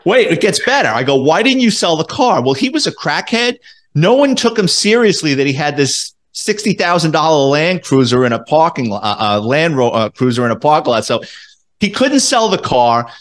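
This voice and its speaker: A middle-aged man, a former police officer telling a story in a casual interview, animated and profane, acting out the dialogue. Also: on the high side, moderate pace. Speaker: former police detective, guest.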